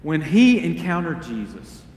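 A man preaching a sermon as pastor, earnest and deliberate, asking the congregation rhetorical questions. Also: on the high side, very animated, a little mellow, echoey room, big-room sound. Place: church sanctuary.

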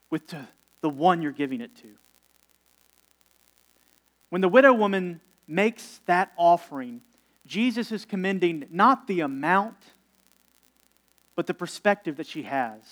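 A man with a fairly high voice preaching a sermon. He talks to the congregation in a relaxed, conversational way, with ums and slow, deliberate pauses on key words. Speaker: pastor.

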